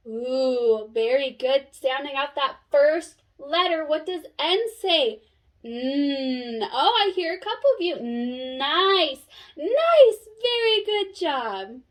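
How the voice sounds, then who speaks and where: A young woman teaching a phonics lesson, sounding out letters slowly and praising an imagined class. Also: high-pitched. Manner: slow, sing-song classroom praise and sounding out.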